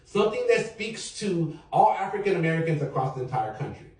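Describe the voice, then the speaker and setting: Animated podcast host in a roomy room. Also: male voice, on the high side, a little fast. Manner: animated, jokey, swears freely, leads chants. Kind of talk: casual round-table talk. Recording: roomy echo, distant mic.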